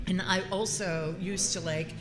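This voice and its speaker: A woman voice actress telling a lively story at a convention panel, laughing often. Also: on the low side, a little slow, echoey room, noisy background.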